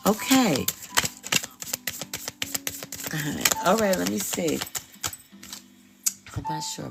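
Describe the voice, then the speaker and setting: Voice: mid-range voice, gravelly. A tarot reader hosting a live stream, talking casually and bluntly with slang, swearing and frequent laughs.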